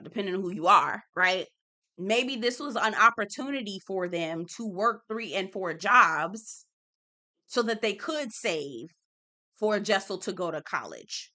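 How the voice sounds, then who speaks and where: A woman hosting a casual reality TV recap, sassy, emphatic and quick to swear. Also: medium pitch, sharp tone. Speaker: TV recap host.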